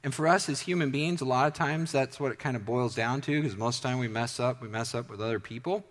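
A man's voice: mid-range voice, fast. A man preaching a sermon in a conversational way that builds to emphatic declarations. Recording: long hall reverb.

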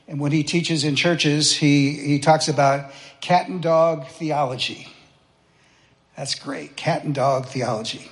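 A man preaching a sermon in a conversational, folksy way, asking the congregation questions. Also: fairly high pitch. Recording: long reverb of a church hall.

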